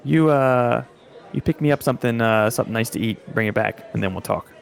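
A man's voice: medium pitch, brisk, gravelly, lightly acted. A man voicing a young woman clerk who answers with dry, curt dismissal. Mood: dismissive. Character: unimpressed busy young woman clerk, Priscilla.

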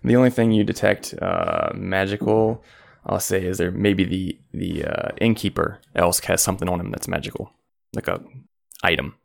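Deep gravelly man running a tabletop game. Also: steady tone, moderate pace. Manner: rambling, lots of fillers. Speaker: game master. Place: home.

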